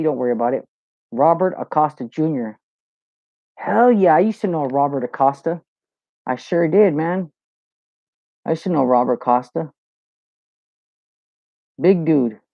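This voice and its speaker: A man rambles easily through a live Q&A, swearing freely and spinning stories. His voice sits a little high. The recording is dry and dull, close and lo-fi. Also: creaky, no echo. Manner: loose, profane, storytelling with lots of "you know". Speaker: host of a live Q&A show. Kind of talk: casual livestream chat, reading viewer comments.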